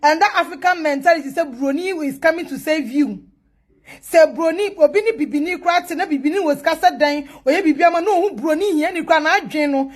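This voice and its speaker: High-voiced Ghanaian woman ranting. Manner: blunt, preachy and animated. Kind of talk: casual monologue mixing pidgin and Twi.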